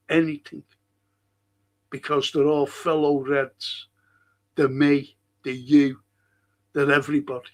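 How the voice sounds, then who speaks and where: A middle-aged man hosts a casual podcast livestream, reading out viewer comments in a rambling, chatty way full of restarts and fillers. His voice is fairly high and monotone, and he speaks slowly with frequent pauses.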